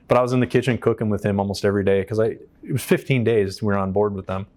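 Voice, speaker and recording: A man from the United States, a veteran guest, telling his story in an interview in an animated, profane way and acting out what people said. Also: lowish voice, fast. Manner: animated, profane, acts out quotes. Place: on a stage in a shop.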